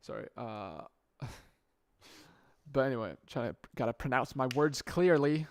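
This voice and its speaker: A young man hosting his own podcast talks off the cuff on a good microphone in a casual solo monologue, rambling and often restarting or correcting himself mid-sentence. His mid-range voice has lively intonation and is a little slow, in a studio-quality recording without echo.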